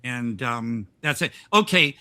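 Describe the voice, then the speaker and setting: A man's voice: mid-range voice, expressive, slow pace, sharp tone. A man hosting a casual podcast chat, rambling and restarting his sentences with frequent laughs. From United States. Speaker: podcast host.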